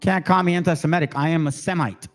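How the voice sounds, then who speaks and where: A man's voice: a little high, fairly even intonation, fast. A man giving heated, profane commentary on video clips, ranting angrily.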